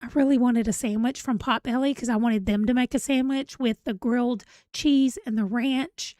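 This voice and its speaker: A woman's voice: fairly high pitch, fairly even intonation, normal speed, mellow, no echo, clean studio sound. A woman, chatting casually on a livestream, rambling and reading out viewer comments while a bit tired and yawning. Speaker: livestream host.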